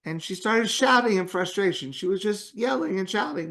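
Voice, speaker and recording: A man with a fairly high voice gives a morning talk as a rabbi. He speaks in a relaxed, conversational way, telling a story and acting out the voices in it. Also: moderate pace. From Canada.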